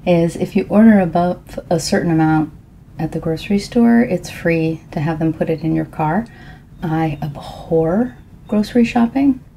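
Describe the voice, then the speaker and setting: A woman in a soft-spoken ASMR tea ramble at home, talking in an unhurried, rambling way with a froggy morning voice. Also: lowish voice, slight background noise, low-quality recording. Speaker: ASMR creator.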